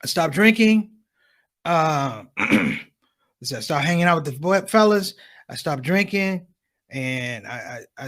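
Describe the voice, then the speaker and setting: A man doing a stand-up comedy set on a conference stage, telling stories and acting out the people in them with quick shifts in voice. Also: on the high side. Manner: animated storytelling, acts out characters with quick shifts in voice.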